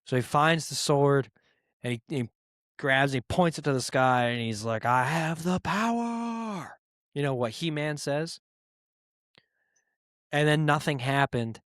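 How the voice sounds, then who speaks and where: In a dry, clean studio recording, a man with a medium-pitched, fairly bright, clean voice speaks at normal speed. Hosting his own podcast, he delivers a comic, profane solo rant about a rude moviegoer, mocking people by putting on quoted voices.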